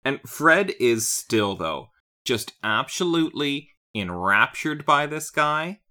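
Animated man with a lively voice. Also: medium pitch. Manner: animated, acts out characters' lines in quick bursts. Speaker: podcast co-host. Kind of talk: casual chat recapping a cartoon episode.

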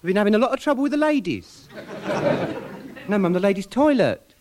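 Fussy, flustered pier co-owner, lively high voice, radio sitcom, hiss. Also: male voice, brisk, a crowd in the background. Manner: prim, flustered. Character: fussy, mother-led male pier co-owner. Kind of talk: 1990s radio sitcom acting. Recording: hissy archive radio broadcast.

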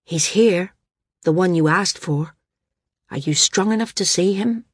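A woman's voice: fairly low pitch, a little slow, husky, no room sound, clean studio sound. A woman voicing a female healer who speaks hesitantly and carefully. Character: uncertain female healer tending an old patient.

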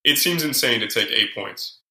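A man hosting a betting talk show, with a very bright, forceful tone and frequent stammered restarts. The echo of a roomy space hangs around his voice. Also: medium pitch, expressive, normal speed, gravelly. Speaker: sports betting show host. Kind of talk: casual sports betting talk.

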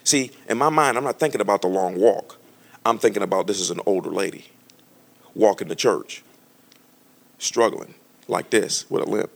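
A man preaching a storytelling sermon to a congregation, animated and conversational, often restarting his sentences. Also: lowish voice, normal speed, vocal fry, pauses often. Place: church with a live congregation.

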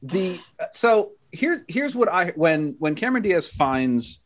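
An American man in his forties hosts a casual podcast chat. He is emphatic and self-mocking, with his voice swinging freely up and down in a slightly high register. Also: sing-song, slow pace. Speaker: podcast host.

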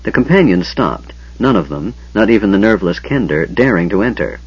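Husky-voiced man narrating an audiobook. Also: on the low side, brisk. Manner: expressive, dramatic storytelling. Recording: dull lo-fi audiobook recording.

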